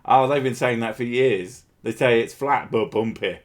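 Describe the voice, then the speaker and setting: A man's voice: medium pitch, moderate pace. Crude joking man chatting on stream. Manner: crude, joking, laughs often. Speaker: streamer host. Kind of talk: casual livestream chat reading comments.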